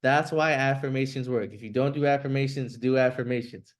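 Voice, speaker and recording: A man's voice: mid-range voice, steady tone, a little fast. A man coaching a group over a video call, direct and blunt, with casual swearing and lots of "like" as filler. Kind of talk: motivational coaching talk.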